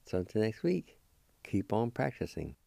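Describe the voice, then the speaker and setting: A middle-aged man giving a slow, deliberate spelling and pronunciation lesson, spelling out letters one by one. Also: fairly low pitch, very animated, gravelly, mellow, no room sound. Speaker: radio language teacher.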